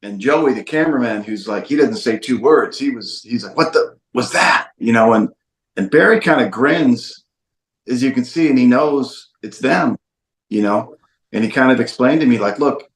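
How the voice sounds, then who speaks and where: A man's voice: medium pitch, moderate pace, roomy sound. A man, a documentary filmmaker guest, tells a story in an interview with emphatic repetitions. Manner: emphatic, repeats phrases for stress.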